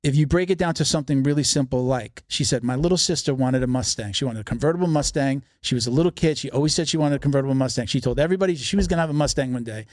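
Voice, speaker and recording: A man's voice: mid-range voice, no room sound, clean studio sound. A man telling a long personal story in casual podcast talk, swearing freely and acting out the voices of the people he quotes. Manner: fast, profane storyteller who acts out quoted voices. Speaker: podcast guest.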